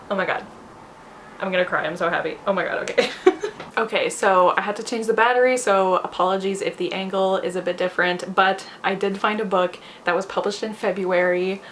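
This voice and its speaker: A young woman talking casually on her own book vlog, animated and often laughing as she talks to herself. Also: medium pitch, moderate pace, long pauses, slight background noise. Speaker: booktuber.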